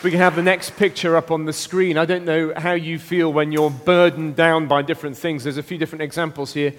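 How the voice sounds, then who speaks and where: A man preaching an interactive all-age sermon, lively and playful, with frequent exclamations. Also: on the high side, a little fast, in a large hall, a faint crowd, a little hiss or hum. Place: church.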